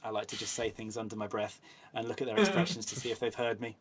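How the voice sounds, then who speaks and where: Relaxed English man telling anecdotes. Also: lowish voice, quick pace, slight background noise. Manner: relaxed anecdotal storytelling with many ums. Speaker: actor guest. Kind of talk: casual interview chat.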